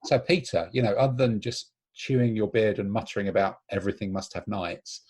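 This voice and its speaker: A husky English man hosts a relaxed group chat over a call. He rambles warmly along with many ums and restarts, steering the talk between friends. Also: on the low side, brisk. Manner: chatty, leads the conversation with frequent ums and restarts. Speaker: host.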